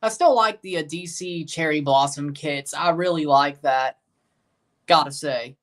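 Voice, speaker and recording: A man's voice: a little high, unhurried, fairly bright tone. A man hosting a livestream watchalong, chatting casually, reading viewers' comments aloud and reacting to a soccer match with sarcastic asides.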